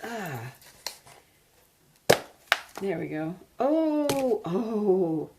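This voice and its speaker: A woman chats through a plant unboxing for her vlog, exclaiming over each leaf. Her voice sits low with a gravelly edge. She talks at an easy, unhurried pace. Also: very noisy. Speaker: plant vlogger. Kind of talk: casual unboxing chat.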